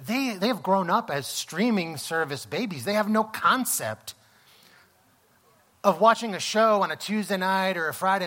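A man with a high, bright voice preaches to his congregation. He is middle-aged and tells stories in a lively way, acting out what people said. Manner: storytelling, animated, acts out exclamations. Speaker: pastor. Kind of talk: sermon.

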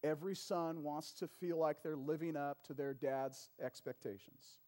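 A man preaching a sermon in a conversational way, often calling for an "amen" from the congregation and rising to loud emphatic peaks on key lines. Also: a little high, fairly even intonation, moderate pace. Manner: conversational preaching with frequent call-and-response "amen" and "right". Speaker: pastor.

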